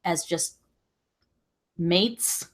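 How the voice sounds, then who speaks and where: A woman's voice: lowish voice, very slow, slight background noise. A woman co-hosting a casual live-stream business chat with her husband, thoughtful and rambling with many restarts. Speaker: co-host of a live reselling business show.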